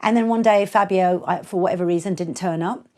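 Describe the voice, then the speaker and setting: Blunt, animated woman storyteller. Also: on the low side, brisk. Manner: blunt, animated, acts out quotes, laughs often. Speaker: DJ and producer, interview guest. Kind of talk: candid storytelling in a podcast interview.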